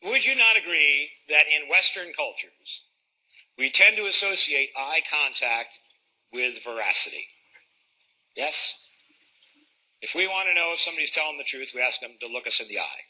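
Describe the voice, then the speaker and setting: A man coaching an audience on presenting, animated and demonstrative, asking rhetorical questions. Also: fairly high pitch, moderate pace, rough recording. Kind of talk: live talk to an audience.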